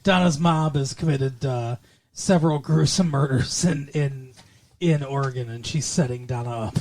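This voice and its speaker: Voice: medium pitch, normal speed, darkish tone, slight background noise. A podcast co-host in casual recap chat, joking and laughing often between lines. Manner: jokey, laughs often, slips into silly voices.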